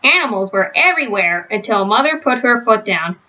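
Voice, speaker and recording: A woman reading a children's storybook aloud in a steady, gentle storytelling manner. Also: mid-range voice, a little fast, dull audio. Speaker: storybook reader. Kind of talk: children's read-aloud narration.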